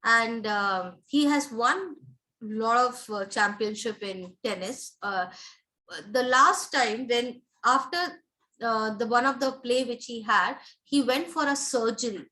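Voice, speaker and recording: A woman acting as a life coach leads a live motivational training session, speaking slowly and emphatically, repeating her key points and checking in with listeners. Her voice is fairly high and sharp, and the recording quality is poor.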